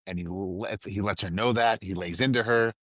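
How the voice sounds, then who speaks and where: A man's voice: on the low side, moderate pace, a bit bright, dry recording, studio quality. A man hosting a podcast on his own, talking in a loose, rambling, conversational way with lots of asides. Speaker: podcast host. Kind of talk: casual solo chat.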